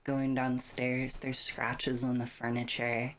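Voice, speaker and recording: Slow-talking streamer narrating a horror game. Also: medium pitch, monotone, a bit bright. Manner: casual, swears freely, stops to thank viewers.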